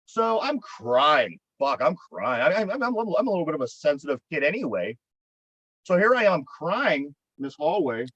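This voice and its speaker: A man's voice: on the high side, sing-song, moderate pace, fairly bright tone, slightly rough, dry recording, muffled recording. A man with a Pittsburgh accent, co-hosting a podcast and telling a long story in a rambling, profane way, often repeating his words. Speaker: podcast co-host. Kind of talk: casual storytelling chat.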